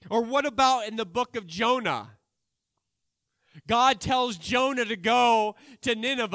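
A man preaching a sermon, acting out Bible characters' lines and swinging between loud and quiet delivery. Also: extremely high pitch, measured pace, dry recording, studio quality.

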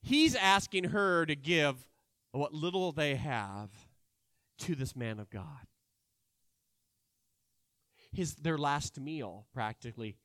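A man preaching a sermon, acting out Bible characters' lines and swinging between loud and quiet delivery. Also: medium pitch, no room sound, clean studio sound.

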